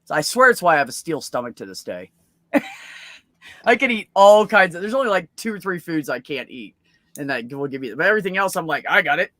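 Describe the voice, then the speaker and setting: A woman's voice: lowish voice, fairly quick, no echo. A woman hosting a casual stream chat and telling rowdy, profane stories from her childhood. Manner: profane, animated storyteller. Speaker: stream host.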